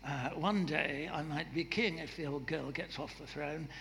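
A man's voice: a little high, normal speed, vocal fry, a bit bright, slight background noise. A man putting on a pompous, posh, middle-aged royal heir who dithers and fills his talk with hesitant noises, in an echoey hall. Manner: plummy, dithering, with hesitant fillers.

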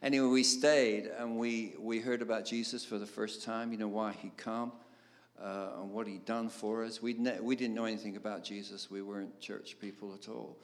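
An older man, a songwriter telling his story in an interview, animated and laughing, with many fillers. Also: lowish voice, moderate pace. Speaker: guest songwriter. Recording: roomy reverb, faint background noise.

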